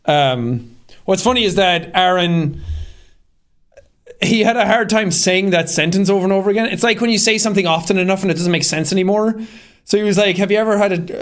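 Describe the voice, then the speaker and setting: A man gives casual behind-the-scenes commentary on his own short film, rambling about how he made it with plenty of fillers and frequent laughter. His voice sits high and he talks briskly.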